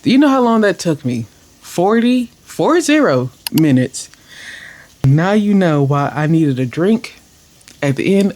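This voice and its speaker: Animated, exasperated young woman vlogger. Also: on the low side, unhurried. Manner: animated and exasperated, self-deprecating. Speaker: cooking vlogger. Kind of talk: casual storytelling voice-over.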